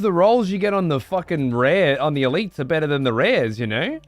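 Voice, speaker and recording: A man's voice: fairly high pitch, a little fast, hardly any pauses, soft background music. Swearing man streaming a game. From United Kingdom. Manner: swears freely, excitable outbursts. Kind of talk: casual gameplay livestream chat.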